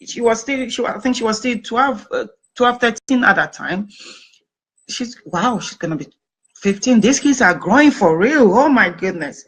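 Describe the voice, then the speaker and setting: A woman's voice: a little high, expressive, normal speed, a bit bright, slightly rough, poor audio. A middle-aged woman hosting a family talk show, telling a personal story emphatically and repeating phrases for effect. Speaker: host and family therapist.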